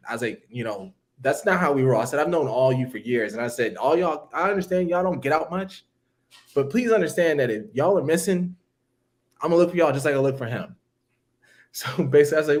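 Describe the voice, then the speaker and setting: A man casually telling a long story on a podcast, acting out what people said with big jumps in his voice. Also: a little fast. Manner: animated, acts out quotes with big pitch jumps.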